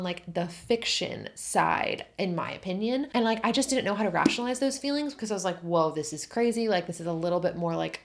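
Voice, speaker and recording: Gushing young woman with a gravelly voice. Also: lowish voice. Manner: gushing, animated, filler-heavy. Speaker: book vlogger. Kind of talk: casual book review chat.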